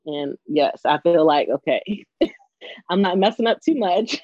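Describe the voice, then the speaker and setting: A woman's voice: lowish voice, lively intonation, measured pace, darkish tone, no echo, dull audio. A young adult woman co-hosting a podcast, chatting effusively with a guest, laughing often and acting out what people said. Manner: chatty and effusive, frequent laughs and quoted asides. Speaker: podcast co-host. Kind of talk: casual podcast chat.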